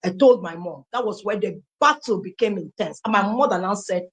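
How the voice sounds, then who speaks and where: A woman's voice: medium pitch, brisk. A Nigerian woman in her thirties, first language Igbo, telling her life story aloud and acting out the dialogue. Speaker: testimony speaker.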